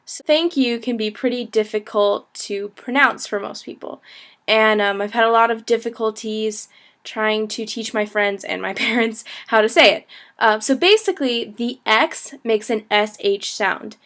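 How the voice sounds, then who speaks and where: A woman's voice: on the high side, moderate pace, fairly bright tone. A woman in her twenties gives a casual video lesson, chatty and laughing easily, full of "like" and "you know". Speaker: language teacher, travel vlogger.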